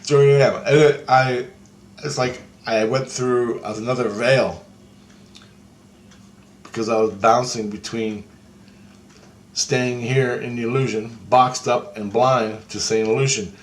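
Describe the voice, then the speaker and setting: A man's voice: medium pitch, slow, pauses often. A man swearing through a strange vision story. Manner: profane, excitable storytelling that acts out quoted voices. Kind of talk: rambling first-person account of a vision.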